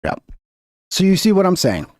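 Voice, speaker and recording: A man's voice: sits high, huge pitch swings, normal speed, a little mellow, no room sound, studio quality. A man hosting a political reaction show, swearing constantly, angry and sarcastic as he tears into a clip. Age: 30s or older. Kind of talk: profane political reaction commentary.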